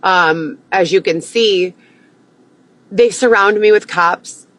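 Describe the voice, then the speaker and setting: A woman's voice: mid-range voice, slow pace, fairly bright tone, poor audio. A young woman ranting to camera, agitated and heavy with profanity, repeating herself as she vents. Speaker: vlogger.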